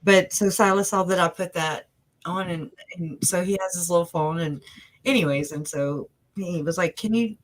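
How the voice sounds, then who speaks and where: Woman, interview guest, video call, lowish pitch, rambling, many fillers, earnest. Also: fairly even intonation, normal speed, low-quality recording. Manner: rambling, full of fillers and restarts; emotional, earnest. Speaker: interview guest, family member of the victims. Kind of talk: casual conversational interview.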